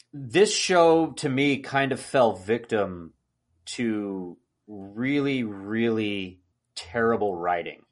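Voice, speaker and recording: A man in casual podcast chat, his pitch swooping widely as he rants. He acts out exasperated outbursts and gets worked up easily. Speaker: podcast co-host.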